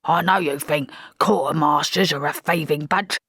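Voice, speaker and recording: A woman's voice: low voice, steady tone, moderate pace, fairly bright tone, no room sound, studio quality, exaggerated voice. A woman doing a grumbling old peg-legged quartermaster. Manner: gruff, whining, defensive. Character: grizzled one-legged old male quartermaster, defensive and grumbling.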